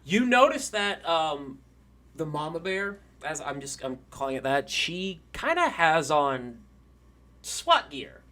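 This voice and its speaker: A man's voice: a little high, sing-song, takes it slowly, sharp tone. A man narrating a tabletop game as game master, casual and rambling, with fillers and the odd swear.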